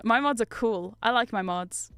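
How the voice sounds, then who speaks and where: A frank, chatty woman with a New Zealand accent who hosts a livestream and laughs easily between points. Her voice sits a little high for a woman and comes through smooth and clear. It is close on a condenser mic in a dry, dead room. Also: moderate pace, a bit bright, no echo, faint music behind. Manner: chatty and frank, laughs often, swears casually. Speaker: livestream host. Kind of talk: casual livestream chat. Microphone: studio condenser mic.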